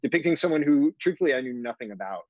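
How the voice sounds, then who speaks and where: A man's voice: medium pitch, animated, very fast, no echo. Podcast cohost guy, lots of ums, kinda muffled dry audio. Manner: hesitant, many fillers. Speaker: podcast co-host. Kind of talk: casual chat.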